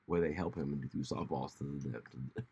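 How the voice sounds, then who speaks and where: A man hosting a casual solo commentary show, rambling and animated, often slipping into mocking voices when he quotes people. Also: rumbling low, fairly quick, gravelly, breathy edge. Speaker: podcast host.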